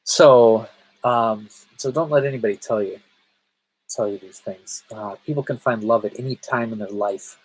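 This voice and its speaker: A man's voice: lowish voice, normal speed, husky, low-quality recording. A man chatting casually on a live stream, rambling and stammering, answering viewers' comments. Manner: rambling, stammers and restarts often; chats with viewers, reading their comments. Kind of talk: casual livestream chat.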